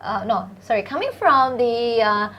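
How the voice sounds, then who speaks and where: A woman's voice: on the high side, animated, a little slow, lo-fi sound. A woman hosting a live question-and-answer show, reading out viewer questions in a chatty, playful way and laughing often. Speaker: host.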